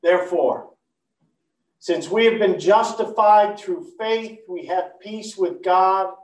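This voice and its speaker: A man preaching a storytelling sermon, animated, swinging from loud to hushed. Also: high voice, takes it slowly. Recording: roomy, far from the mic.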